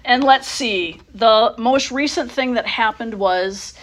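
A middle-aged woman sharing her personal story at a recovery meeting, halting with many fillers and restarts, dropping to a soft near-whisper at tender moments. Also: fairly high pitch.

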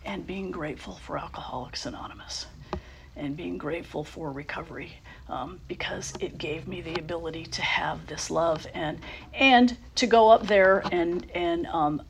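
A middle-aged woman sharing her personal story at a recovery meeting, halting with many fillers and restarts, dropping to a soft near-whisper at tender moments. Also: on the low side, gravelly, slight background noise.

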